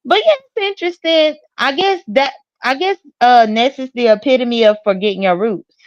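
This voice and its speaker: A woman with a slightly high voice talks things through in a rambling, hesitant way, full of ums and restarts. The recording is dry and close. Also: moderate pace, no echo, lo-fi sound. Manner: rambling, hesitant, with many fillers. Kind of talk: casual commentary chat.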